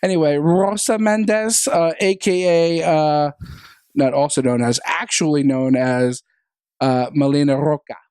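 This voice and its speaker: A man's voice: on the high side, fairly even intonation, a little slow, a little mellow, clean tone, no room sound. A man hosting a casual wrestling podcast, joking and rambling, often poking fun at himself. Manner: joking, rambling, self-deprecating. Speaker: podcast host. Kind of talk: casual chat.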